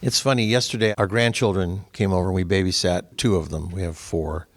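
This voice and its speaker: An older man, the host, chatting casually and telling animated stories that grow louder and higher as he gets going. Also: a little fast. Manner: animated storyteller, voice rising as he tells stories. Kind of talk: casual chat.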